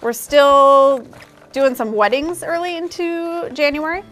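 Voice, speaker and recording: A woman's voice: high-pitched, takes it slowly, a bit bright. A woman chef giving a cooking demonstration on TV, explaining each step plainly. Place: TV studio kitchen.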